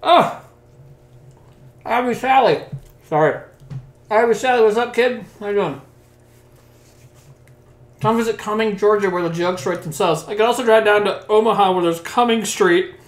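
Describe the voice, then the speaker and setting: A man's voice: high voice, normal speed, echoey room. A man casually chatting on a livestream, reading out chat and cracking crude jokes while he eats. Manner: loose, crude jokey banter while eating.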